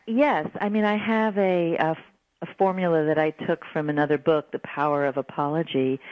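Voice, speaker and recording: A woman guest on a radio call-in show giving parenting advice in an earnest, animated way. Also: on the low side, no echo. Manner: earnest, animated, acts out quoted apologies. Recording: dull lo-fi radio broadcast.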